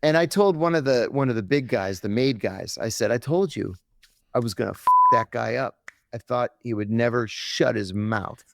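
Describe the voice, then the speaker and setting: A middle-aged man, a podcast guest, telling a story with lively acted-out quotes on a close mic. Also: medium pitch, normal speed, creaky, dry recording.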